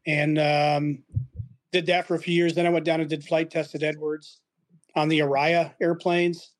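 Middle-aged man, high voice, laid-back podcast guest who laughs through his anecdotes. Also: little pitch movement, normal speed. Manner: chuckling, acts out quoted dialogue. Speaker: podcast guest, retired aircrew. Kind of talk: casual storytelling chat.

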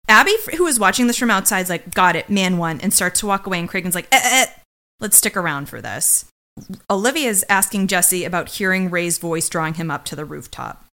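A woman with a slightly low voice co-hosts a podcast, retelling scenes and acting out the characters' lines. She is blunt and opinionated in a casual, chatty way. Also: animated, brisk, pushed and bright. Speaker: podcast co-host. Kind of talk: casual recap chat.

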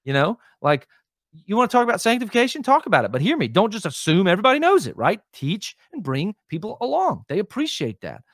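A high, slightly bright male voice swings hugely in pitch, captured at studio quality with no echo. He's a lead pastor appearing as a guest on a podcast in a relaxed interview, pressing "right?" and "hear me" as he teaches with emphasis amid many fillers, restarts, and quick asides.

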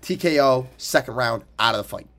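A man's voice: medium pitch, expressive, fairly quick, fairly bright tone. A young man in college co-hosting a podcast, telling a story in casual chat, teasing and swearing freely. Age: young adult. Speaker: podcast co-host.

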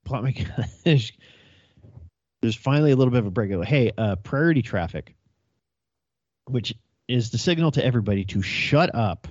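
A man's voice: medium pitch, animated, brisk, darkish tone, no echo, highs cut off. A young adult male police officer telling a work story in a casual, profane chat, laughing as he goes.

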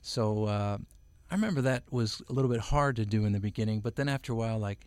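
A man's voice: fairly low pitch, fast talker, darkish tone, no room sound. A middle-aged man, a voice-over artist, chatting as an interview guest at home, rambling with lots of fillers and restarts. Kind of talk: casual interview chat.

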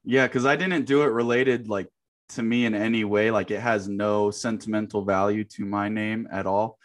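A man co-hosting a podcast, laid-back and quick to laugh in casual chat. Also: fairly low pitch, steady tone. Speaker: podcast co-host.

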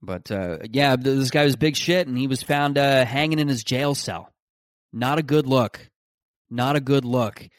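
A man's voice: mid-range voice, normal speed, no room sound, studio quality. A young man, hosting a casual solo podcast, rambling with restarts and self-mocking jokes. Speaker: podcast host.

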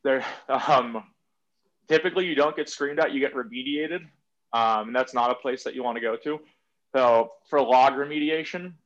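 Podcast guest, man, mid-pitch, easygoing rambling storyteller, swears casually, a bit muffled audio. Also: fairly bright tone. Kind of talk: casual conversation.

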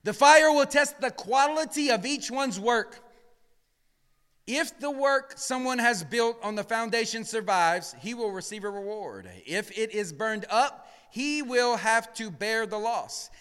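High-voiced pastor preaching in a reverberant church. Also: male voice, a little slow, clear, resonant tone. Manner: swings from hushed murmurs to shouted emphasis, calls for responses. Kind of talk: sermon. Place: church sanctuary.

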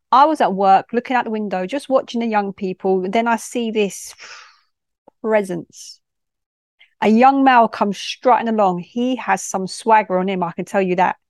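A woman's voice: mid-range voice, no room sound, studio quality. A woman, a youth worker reading a personal story in a direct, no-nonsense way. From London.

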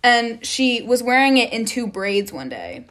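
In a rambling storytime addressed directly to her audience, a young female vlogger swears casually and fills her sentences with "like." Her slightly high voice is sing-song and fairly bright, and her pace runs a little slow.

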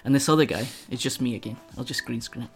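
A Scottish man talks casually as a podcast guest, drifting from one tangent to the next. His voice sits at an ordinary pitch with a rough, gravelly edge. Faint music plays underneath. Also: fast talker. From Scotland. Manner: rambling, goes off on tangents. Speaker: guest streamer.

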